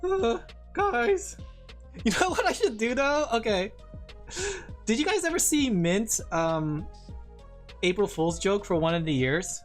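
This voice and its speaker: A man's voice: high-pitched, expressive, unhurried, faint music behind. A man streaming live, chatting casually in a giggly, rambling way.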